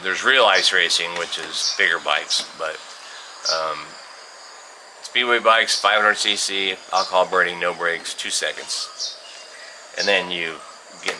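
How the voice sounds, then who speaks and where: A middle-aged man from California telling a rambling story in a casual way, with many fillers and restarts and the odd chuckle. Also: low voice. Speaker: vlogger telling stories. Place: outdoors on a farm. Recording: outdoor insect and bird noise. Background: birds and crickets.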